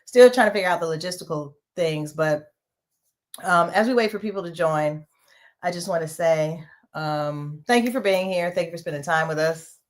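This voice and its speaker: A woman's voice: on the low side, moderate pace. A woman hosting a casual livestream from a small home studio, talking loosely and chatting to her viewers. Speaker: host.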